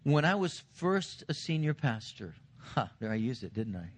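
A middle-aged senior pastor preaching a sermon, earnest, building to emphatic points and dropping quiet for stress. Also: male voice, big pitch swings, moderate pace, slight background noise. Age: 40s or older. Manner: earnest preaching, rising to emphatic lines then dropping low.

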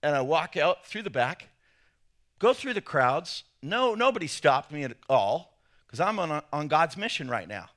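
A man preaching a sermon, telling a story in an animated way and acting out quotes with sudden loud jumps. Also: a little high, unhurried. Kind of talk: sermon with personal anecdotes.

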